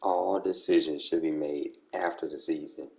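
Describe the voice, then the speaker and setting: A man's voice: extremely low pitch, fairly even intonation, normal speed, gravelly, mellow. A man chatting casually with friends during an online game league, slangy and repetitive. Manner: slangy, repeats "bro" and "come on".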